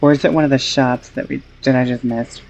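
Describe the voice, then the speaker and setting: A woman's voice: a bass voice, steady tone, a little fast, gravelly, darkish tone, a little hiss or hum. A woman streaming a game, casual commentary, laughing and shrieking in disbelief.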